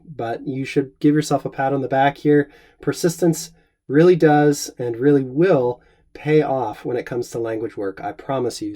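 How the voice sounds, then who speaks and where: Middle-aged male Latin teacher, warm and mellow, measured encouraging delivery. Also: fairly high pitch. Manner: measured and encouraging, reads Latin aloud slowly. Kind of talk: scripted Latin lesson.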